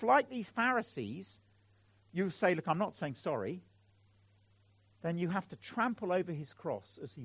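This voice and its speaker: A middle-aged man delivers a sermon in a fairly high, lively voice that rises and falls as he speaks. His earnest, pleading appeals to the congregation are recorded close and dry. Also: dry recording. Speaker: preacher.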